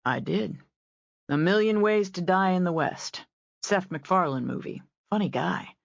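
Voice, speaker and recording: A laid-back ranch man talks low and unhurried, as a woman narrator reads him. The sound is dull and dry, as from a close booth. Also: creaky, dry recording. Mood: relaxed. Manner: relaxed, understated, low.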